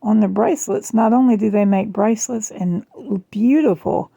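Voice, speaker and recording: Southern woman, middle-aged, gravelly and dark, chatty, dry close phone mic. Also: mid-range voice, normal speed, no echo. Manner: chatty, rambling, self-deprecating. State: strained, rough voice. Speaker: jewelry vlogger. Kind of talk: casual chat. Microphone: phone camera.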